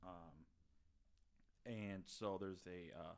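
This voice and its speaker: There's slight background noise as a low-voiced man with fairly even intonation draws out his words. He's a podcast co-host recapping a film's plot in casual movie review talk, rambling with lots of fillers and restarts.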